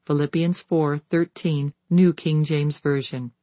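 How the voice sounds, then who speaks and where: A devotional book read aloud in a measured, even cadence, with scripture references spoken plainly. The voice sits at a middle pitch and is recorded close and dry, with no room sound around it. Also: no room sound. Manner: measured, steady reading, citing scripture verses. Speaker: audiobook reader.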